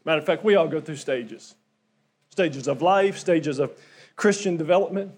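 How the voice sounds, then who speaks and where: A man's voice: on the high side, moderate pace. A middle-aged man preaching a sermon to his congregation in a conversational way, often asking them questions. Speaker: pastor.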